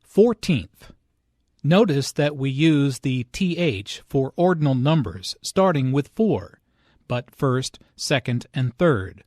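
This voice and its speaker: Man with slow, lively teaching delivery. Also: medium pitch, dry recording, studio quality. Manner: slow, clear, careful enunciation. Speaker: language lesson narrator. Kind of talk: scripted lesson narration and dialogue reading.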